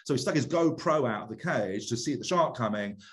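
A middle-aged man, a podcast guest, telling a story in casual chat, animated, laughing often and repeating words. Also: mid-range voice, fairly quick.

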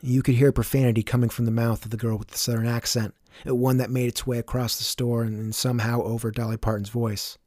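Young guy narrating his own story, dry deadpan jokes, mid pitch, dry close mic. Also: quick pace, no echo. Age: young adult. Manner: wry, deadpan humor.

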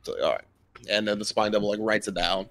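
A man's voice: fairly low pitch, fairly even intonation, fast talker, fairly bright tone. A man narrating a tabletop game as game master, describing scenes in a loose, rambling way full of fillers.

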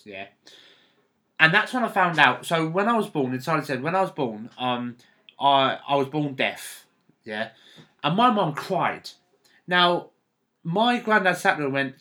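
Bright-voiced man telling a story. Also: fairly high pitch, animated. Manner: storytelling, halting and emotional. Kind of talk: casual chat.

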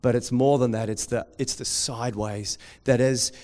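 A man preaching a sermon, dropping to quiet intensity and rising to loud, excited storytelling. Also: mid-range voice, moderate pace. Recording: long hall reverb.

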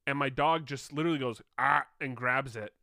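A man's voice: medium pitch, quick pace, bright, forceful tone, no echo, clean studio sound. A young man co-hosting a podcast, chatting casually with loose swearing and frequent laughter. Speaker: podcast co-host. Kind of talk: casual chat.

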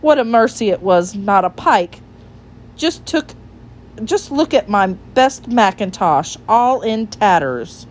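A woman voicing a fussy, genteel male frog gentleman who talks in a prim, cross manner. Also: medium pitch, expressive, slow. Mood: shaken.

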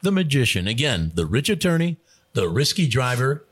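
A man's voice: medium pitch, normal speed, slightly rough. A man hosting a radio show, telling jokes in a casual, chuckling way. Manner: animated joke-telling with voices and chuckles. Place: radio studio.

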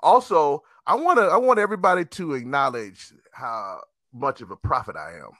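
A man hosting a casual chat, ranting in an animated, profane, emphatic way. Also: mid-range voice, moderate pace, no echo.

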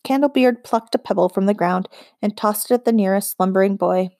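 A woman narrating a children's fantasy novel as an audiobook, in a measured storytelling read. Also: mid-range voice, a little mellow, no room sound, studio quality. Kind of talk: scripted narration.

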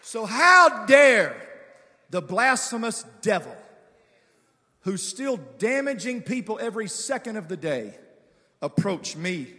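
A high-pitched, bright, forceful male preacher delivers a guest sermon in a large sanctuary, his voice ringing with long hall reverb. He drops into quiet, conversational asides, then builds to shouted, stretched-out proclamations, urging the congregation to answer back. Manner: calls for congregation responses.

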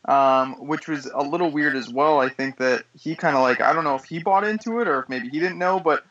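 A man co-hosting a podcast in casual sports chat, talking in a hesitant way with many ums and pauses. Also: on the high side, a bit bright, lo-fi sound. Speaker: podcast co-host.

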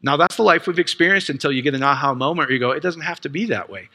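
Excited preacher in a reverberant hall. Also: male voice, fairly high pitch, rapid-fire. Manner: animated, excited, conversational, quotes others. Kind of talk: teaching sermon.

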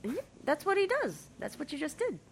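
A woman's voice: high voice, huge pitch swings, a little fast, a little hiss or hum. A woman co-hosting a casual podcast chat, giggling a lot and trying out silly voices. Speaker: podcast co-host.

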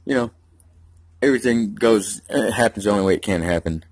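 A man's voice: lowish voice, fairly quick, no room sound. A man from Georgia, rambling through a casual, profane story. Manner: rambling, heavy profanity, slangy.

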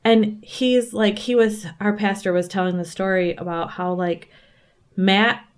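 A woman's voice: medium pitch, steady tone, measured pace. A woman guest in a casual faith conversation, talking candidly and animatedly, often saying "like" and laughing at herself. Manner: frequent filler "like". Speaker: podcast guest.

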